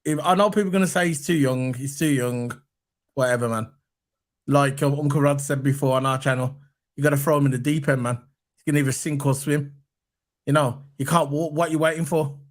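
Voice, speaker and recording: A man hosting a casual football fan chat, animated and repeating his points for emphasis. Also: medium pitch, a little fast. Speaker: football podcast host.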